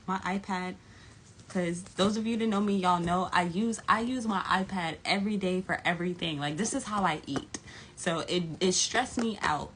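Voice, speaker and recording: A woman hosting a tarot channel, chatting casually to viewers in a rambling, profane, animated way. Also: on the low side, moderate pace, a little hiss or hum, rough recording. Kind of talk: casual vlog chat.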